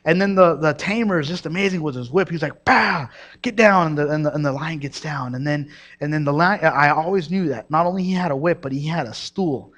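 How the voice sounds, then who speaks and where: A young man from Mexico preaching a sermon, energetic and storytelling, with restarts and asides to the congregation. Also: fairly high pitch, a little fast.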